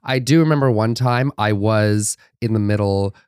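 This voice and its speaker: A man co-hosting a casual podcast, telling stories in an animated, dramatic and sassy way. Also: fairly low pitch, normal speed, smooth, dry recording, studio quality. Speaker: podcast co-host.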